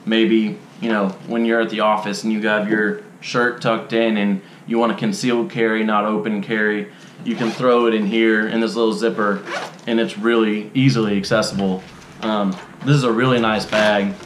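A young man giving a casual unboxing review, relaxed and drawling with frequent ums. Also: lowish voice, normal speed, roomy sound, background noise. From Texas. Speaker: unboxing vlogger. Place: dim indoor room.

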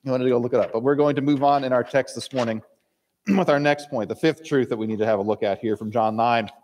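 A man's voice: mid-range voice, fairly even intonation, fast, a little mellow, big-room sound, a little hiss or hum. A male pastor giving a sermon, reading scripture aloud and acting out the characters' lines in dramatic voices.

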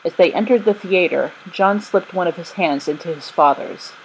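A woman narrating a children's storybook in a gentle, steady reading voice. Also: lowish voice, moderate pace, slight background noise, rough recording. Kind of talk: storybook read-aloud.

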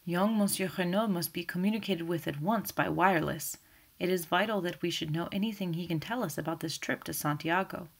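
An earnest, excitable male magistrate, read by a woman, hurrying his words. The voice is low and slightly gravelly. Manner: hurried, earnest.

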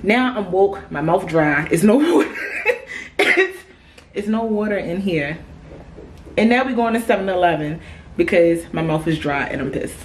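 A young woman chatting casually on her vlog, talking fast and heated, swearing freely as she vents. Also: lowish voice, slight background noise. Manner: animated, exasperated, swears freely. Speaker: vlogger. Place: hotel room at night.

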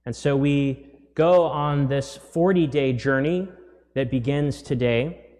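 A rector delivers his sermon in a relaxed, conversational way, pausing now and then with small fillers. His voice sits in a middle register. The sound rings with the long reverb of a church. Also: mid-range voice. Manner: conversational, measured preaching with fillers. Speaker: rector preaching.

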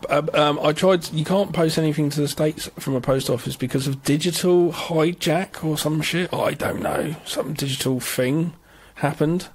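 A man's voice: fairly high pitch, normal speed, breathy edge. A man co-hosting a casual podcast, rambling jokily and swearing casually. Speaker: podcast co-host. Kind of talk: casual chat.

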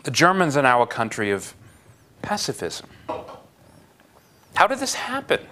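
A man's voice: medium pitch, measured pace. A man giving a university lecture, wry and questioning, reading a passage aloud with dramatic flair. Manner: lively, dramatic reading of quotes; wry, asks the class questions.

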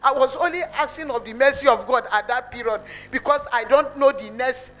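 Lady testifying in church, high voice, earnest and emotional, repeats herself a lot. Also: a little fast, a bit bright, poor audio. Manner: earnest, repetitive, emotional storytelling. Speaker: church member giving a testimony.

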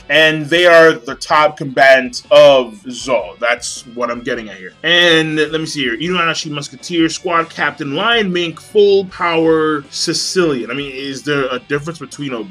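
A man hosting a casual live manga reaction. He reads aloud and talks excitably, swears a lot and laughs often. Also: a little high, moderate pace, hardly any pauses, faint music behind.

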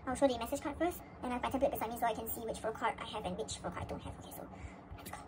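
A woman vlogger chatting casually through an unboxing and breaking into excited high squeals. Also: rapid-fire, very noisy.

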